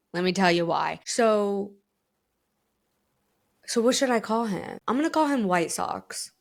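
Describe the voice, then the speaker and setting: A woman's voice: on the low side, gravelly. A woman hosting a podcast, talking in a casual chat style and telling rambling, candid stories with plenty of swearing and laughter. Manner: candid, profane, rambling storytelling with frequent laughter. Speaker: podcast host.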